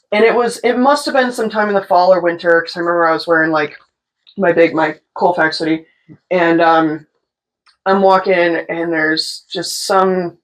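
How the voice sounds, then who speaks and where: A woman's voice: fairly low pitch, low-quality recording. A young woman, a tattoo artist, casually telling a story, swearing freely and acting out the voices of the people in it. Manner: animated, swearing, mimics voices in her stories.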